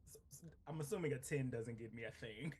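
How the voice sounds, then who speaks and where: A man casually playing his character in a tabletop game, chatty and animated. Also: mid-range voice, brisk, breathy edge. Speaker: player.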